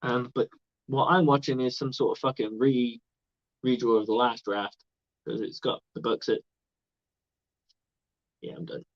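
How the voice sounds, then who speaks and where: A man's voice: mid-range voice, fairly even intonation, measured pace, long pauses, no room sound. A man hosting a live stream with casual sports commentary, rambling and chatty and swearing freely. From outside the United States. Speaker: livestream host. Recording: dull lo-fi dry sound.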